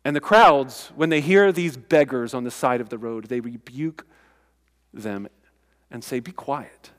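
A man's voice: mid-range voice, unhurried, long reverb tail. A man preaching a sermon as pastor, conversational and emphatic, with casual asides to the congregation.

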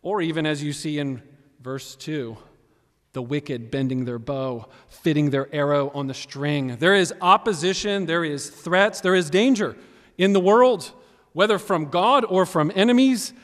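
A man preaching a sermon as pastor, animated and emphatic, swinging between loud and quiet. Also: fairly high pitch, measured pace. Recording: long reverb of a large hall.

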